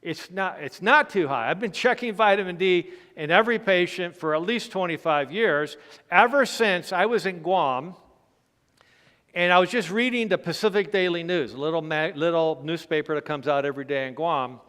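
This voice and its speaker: High-voiced man lecturing in a reverberant hall. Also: normal speed, fairly bright tone. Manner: explanatory, checks in with "Okay" and "Right?"; emphatic, stresses key points. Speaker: physician giving a health seminar. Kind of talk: health seminar lecture. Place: church hall.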